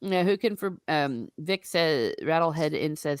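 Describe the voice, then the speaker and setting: A woman hosting a book discussion in casual chat, laughing often and throwing in quick asides. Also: low-pitched, lively intonation, smooth, dry recording.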